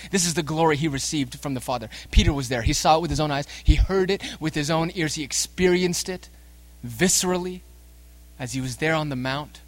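A man preaching a sermon. His delivery swings between soft, slow, low-pitched passages and loud, emphatic outbursts, and he addresses the congregation directly. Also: no echo.

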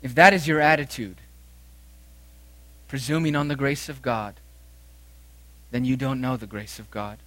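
A man preaching a sermon, swinging between loud emphatic declarations and quiet, low phrases. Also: measured pace, long pauses, dry recording.

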